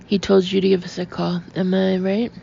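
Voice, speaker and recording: A woman voicing a smooth-talking male escort-agency owner, pressing a caller with eager sales patter in an audiobook. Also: mid-range voice, level tone, moderate pace, warm tone. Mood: gushing. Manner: gushing, persuasive sales patter. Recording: dull lo-fi audio with faint hiss.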